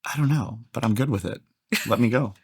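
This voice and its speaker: A young man, a podcast guest, chatting casually, joking and reacting loudly in disbelief. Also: medium pitch, brisk, gravelly, husky, no room sound, clean studio sound. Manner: animated, jokey, exclaims in disbelief.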